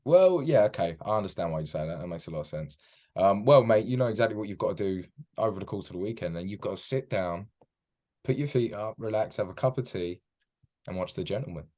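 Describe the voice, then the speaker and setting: British guy as a podcast guest on a video call, really low voice, chatty, says mate a lot. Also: lively intonation, fast, dark tone. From England. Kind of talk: casual podcast chat.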